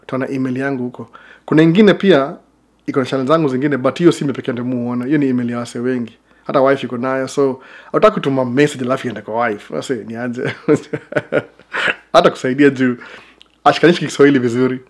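Fast-talking Kenyan man vlogging. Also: medium pitch, fairly even intonation. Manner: chatty, rambling asides with laughs. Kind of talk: casual chat to camera.

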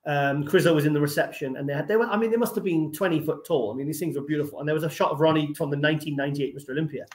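A man's voice: fairly high pitch, roomy sound. A man telling tour stories in a casual chat, rambling with many restarts. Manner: rapid, rambling, lots of "I mean" restarts. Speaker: guest, tour organizer.

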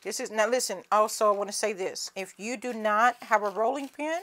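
A woman's voice: medium pitch, a little fast, a bit bright. A woman with a Southern US accent, chatting folksily through a home cooking demonstration and calling viewers honey and cousin.

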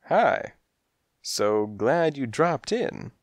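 A man's voice: on the high side, sing-song, takes it slowly, no room sound, studio quality, voice pushed up, full character voice. A man voicing a wisecracking cat detective. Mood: wry. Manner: wry, mock-innocent. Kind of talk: audiobook character voice.

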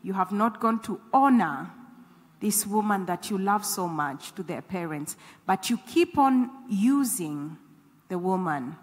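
A woman's voice: medium pitch, expressive, unhurried. A woman preaching, earnest and exhorting, repeating phrases for emphasis. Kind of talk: church teaching on scripture. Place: church hall. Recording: echoey hall.

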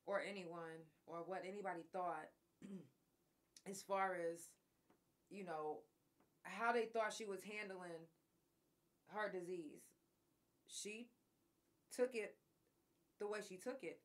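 A woman's voice: medium pitch, fairly bright tone. A woman hosting her own show, telling a family story in a candid, profane, emotional way. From Oklahoma. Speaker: podcast host. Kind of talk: personal storytelling monologue.

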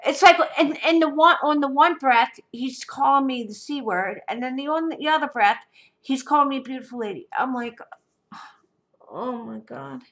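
A woman's voice: high-pitched, a little fast, a bit bright. A woman vlogger telling a personal story in an emphatic, indignant way, often checking in with "okay?". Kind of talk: casual storytelling to camera.

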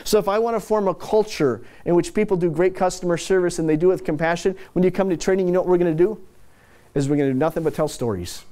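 A man delivers a talk to a business audience through anecdotes, speaking in a relaxed, conversational way. His voice sits a little high, and he drops casual, self-mocking asides between story beats. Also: quick pace. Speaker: corporate speaker.

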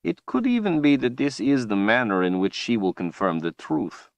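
A man voicing a cruel, menacing male tyrant wizard in an audiobook, speaking slowly and tauntingly. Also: medium pitch, very animated, vocal fry, no room sound, pitched above the performer's own voice. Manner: slow, taunting, drawn-out delivery. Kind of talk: audiobook character voice.

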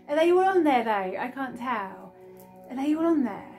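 A woman's voice: high voice, very animated, moderate pace, a little mellow, faint music behind. A woman vlogging an unboxing and playing a retro game at home, gushing, squealing and laughing often. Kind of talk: excited unboxing and gameplay chat. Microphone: phone.

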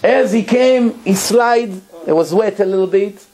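A man's voice: high-pitched, unhurried, dark tone. A man, a rabbi giving a Torah lecture, telling a story emphatically and repeating words for effect.

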